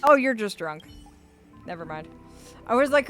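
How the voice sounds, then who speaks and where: Woman, game streamer, playful commentary, bright voice, lively pitch, faint game music. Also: moderate pace, long pauses. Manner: playful, reads game lines aloud. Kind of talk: live gameplay commentary.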